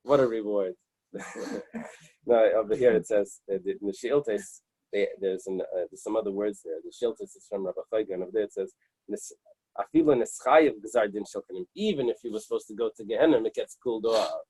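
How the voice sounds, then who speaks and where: A man leading a Talmud study class, reading Aramaic passages and explaining them in English with halting restarts. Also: fairly low pitch, darkish tone, husky, no echo, rough recording.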